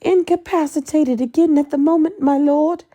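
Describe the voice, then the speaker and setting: A woman's voice: high-pitched, moderate pace, warm tone, pitched above the performer's own voice, natural voice. Woman doing a fawning, sing-song fanatic woman. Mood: fawning eager.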